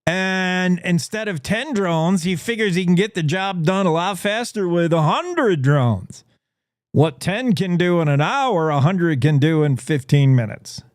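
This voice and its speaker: A man's voice: high voice, lively intonation, unhurried, smooth, dry recording, studio quality. A man hosting a radio morning show, playfully spinning speculative stories. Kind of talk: talk radio monologue.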